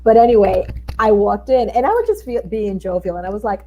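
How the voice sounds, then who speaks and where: Animated middle-aged New woman. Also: a little high, normal speed, hardly any pauses, poor audio. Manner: animated storyteller, acts out quotes. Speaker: guest. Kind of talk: casual interview chat.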